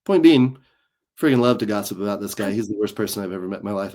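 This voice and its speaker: Low-voiced man telling a lively story. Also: fast talker. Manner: animated, acts out quoted voices. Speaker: guest comedian. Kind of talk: casual storytelling chat.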